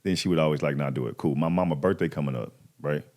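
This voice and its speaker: A man's voice: rumbling low, fast. A man in his thirties, a podcast guest, casually telling a personal story with lots of slang and acted-out quotes. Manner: animated, acts out quoted voices, slangy.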